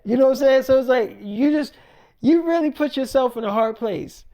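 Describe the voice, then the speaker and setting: A woman's voice: high-pitched, moderate pace, dark tone. A woman casually retelling a made-up story in slangy speech, full of quoted dialogue. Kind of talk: freestyle storytelling.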